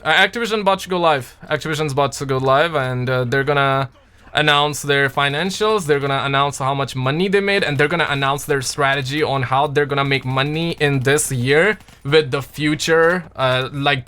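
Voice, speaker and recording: A young man chatting casually on a livestream, reading out viewers' names and talking games in slangy, animated bursts. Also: on the high side, smooth. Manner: slangy, animated, reads chat aloud. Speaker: streamer.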